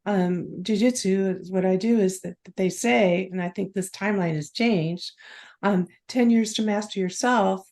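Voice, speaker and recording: A woman's voice: medium pitch, moderate pace, darkish tone. A woman guest on a podcast, talking casually and rambling with many restarts. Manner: rambling, restarts and spiritual talk. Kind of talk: casual conversational interview.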